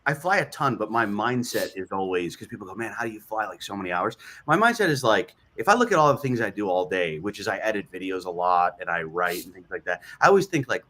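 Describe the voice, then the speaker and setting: A man's voice: lowish voice, fast, few pauses. A man, a comedian guest, chatting casually and telling funny stories, acting out the voices of the people in them. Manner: animated, acts out voices in his stories.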